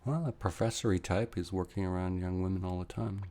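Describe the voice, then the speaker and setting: A man's voice: sits low, fairly even intonation, brisk, mellow. A man hosting a podcast in casual chat, with dry, teasing asides. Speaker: podcast host.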